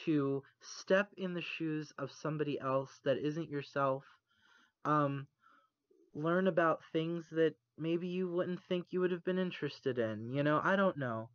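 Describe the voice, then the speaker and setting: A man co-hosting a podcast, talking earnestly and haltingly, close to tears, recorded over an internet call. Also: fairly high pitch, no room sound. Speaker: podcast co-host. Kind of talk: casual chat. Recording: muffled dry call recording.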